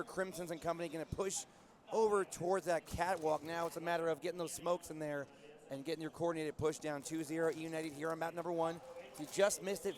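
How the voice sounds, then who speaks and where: High-voiced esports play-by-play man. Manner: energetic play-by-play calling. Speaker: esports commentator. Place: live esports arena with a loud crowd. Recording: loud crowd behind the voice.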